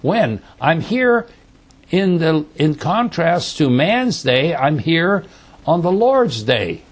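A man teaching through a Bible passage, explaining slowly and repeating key words, often checking in with "okay?". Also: a little high, big pitch swings. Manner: slow, repetitive explaining with frequent "okay?" checks.

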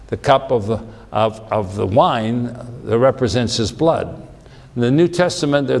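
Male preacher, sermon, emphatic, repeats himself, acts out quotes, medium pitch, long hall echo.

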